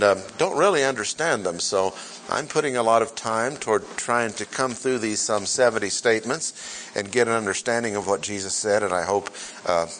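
A man teaching scripture in a sermon, speaking deliberately, repeating key phrases and putting rhetorical questions to his listeners. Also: on the low side, fairly bright tone, a little hiss or hum. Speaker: pastor teaching a Bible class. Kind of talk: sermon-style Bible teaching.

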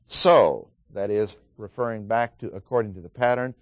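A man's voice: lowish voice, normal speed, hardly any pauses, no echo. A man teaching a Bible study lecture, methodically stressing key words as he reads scripture aloud, with frequent "uh" fillers between thoughts.

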